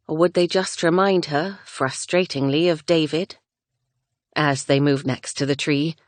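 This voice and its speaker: Woman, audiobook narrator, low voice, gentle measured reading, dry close sound. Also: no echo. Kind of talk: scripted narration.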